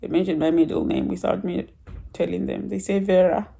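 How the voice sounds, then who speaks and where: Talking a little fast, this woman has a gravelly, mellow, husky voice on the low side with fairly even intonation. Her church testimony is a casual, rambling spoken story, full of chatter, frequent laughs and a bit of emotion.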